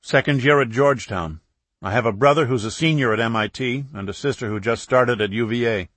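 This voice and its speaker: A man reading an audiobook, voicing a suspicious young medical student who talks curtly and defensively, pushing his voice higher and louder. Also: fairly quick, dry recording, lightly acted. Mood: guarded. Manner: curt, sharp, guarded.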